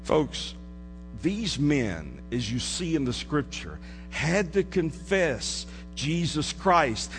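A man preaching a sermon in a church, dropping to hushed low asides and rising to emphatic declarations. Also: sing-song, takes it slowly, breathy edge, soft background music. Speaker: pastor. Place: church sanctuary. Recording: hall reverb with mains hum.

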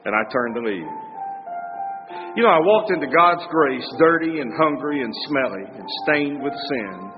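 A man's voice: medium pitch, lively intonation, moderate pace, in a large hall, muffled recording, over music. A man preaching a dramatic story sermon in a heartfelt, emphatic way, repeating phrases for effect.

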